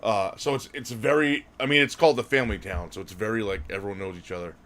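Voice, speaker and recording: A man's voice: lowish voice, fairly even intonation, quick pace, fairly bright tone. Rambling man telling a story. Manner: rambling, self-correcting, laughs while telling. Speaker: podcast co-host. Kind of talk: casual anecdotal storytelling.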